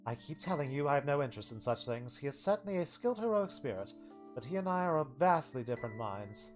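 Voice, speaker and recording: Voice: medium pitch, sing-song, fast talker, soft background music, close to an everyday voice. A streamer reading lines as a stern, formal young female knight, speaking in stiff clipped sentences. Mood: curt. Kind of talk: playthrough voice reading.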